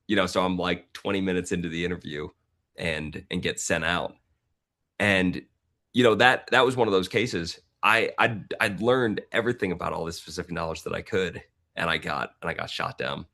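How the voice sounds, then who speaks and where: A man in his forties, a podcast guest, telling a personal story in a casual, animated way and acting out other people's lines. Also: low voice, normal speed, creaky. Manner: animated, acts out the voices of people in his stories.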